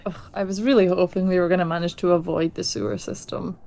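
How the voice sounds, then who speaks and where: A woman's voice: lowish voice, fairly even intonation, fast, gravelly, darkish tone. A woman playing a tabletop role-playing game, speaking in a playful, giggly way. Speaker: player.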